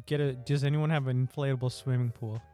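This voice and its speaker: A man on a casual podcast, playfully pitching silly schemes to his friends. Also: fairly even intonation, fast talker, dark tone, faint music behind. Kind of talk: casual chat.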